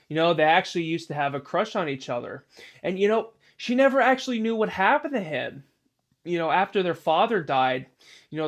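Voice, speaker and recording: Rambling male storyteller, slightly high voice. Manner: rambling, many "you know" asides. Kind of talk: improvised spoken story narration.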